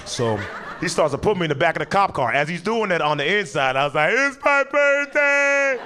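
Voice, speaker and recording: A man's voice: fairly high pitch, animated, fast, pushed and bright. A young man doing a laid-back, chatty stand-up set on a club stage, slipping into voices for people in his stories. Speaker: stand-up comedian. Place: comedy club stage before a live audience. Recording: live audience noise, background hum. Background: audience laughter and clapping.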